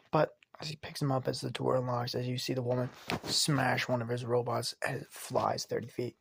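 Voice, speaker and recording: A man's voice: mid-range voice, flat delivery, moderate pace, vocal fry, breathy edge, dry recording. A man narrating a made-up story in a rambling, half-whispered way.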